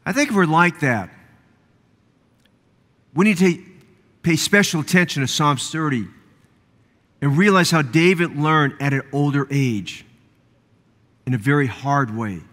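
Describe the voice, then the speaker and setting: A man's voice: a little high, unhurried, long pauses, fairly bright tone, big-room sound. A man preaching a sermon as pastor, building fervor and repeating phrases for emphasis. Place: church sanctuary.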